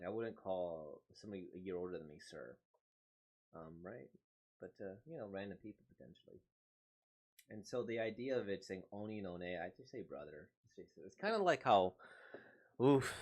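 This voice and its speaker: Guy reacting to manga, rambly, thinking out loud, voice jumps around a lot. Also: fairly low pitch. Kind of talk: casual reaction commentary.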